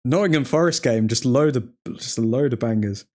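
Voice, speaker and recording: During a casual live-stream, the watchalong host rambles through the football match, laughing often and tossing in fake French. He has a mid-range, slightly mellow voice and talks a little fast with few pauses.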